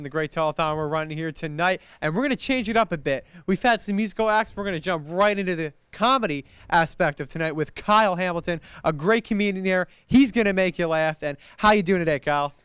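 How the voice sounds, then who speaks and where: A man hosts a live telethon from a studio, upbeat and promotional. His voice sits high and rings crisp. The sound is dry and close. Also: fairly quick, few pauses, a bit bright, no room sound. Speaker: telethon host. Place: college TV studio.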